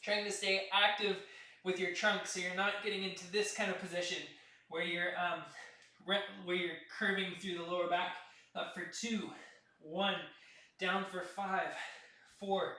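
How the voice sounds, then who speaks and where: A man with a high, unhurried voice leads an exercise class, tallying reps and calmly coaching the group. The recording is distant and echoey.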